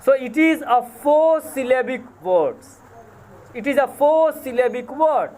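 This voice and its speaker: A man's voice: very high-pitched, animated, a little slow, darkish tone, slight background noise. A man with an Indian English accent lecturing as a college English teacher, spelling words out letter by letter, repeating them and correcting himself. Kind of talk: recorded lecture.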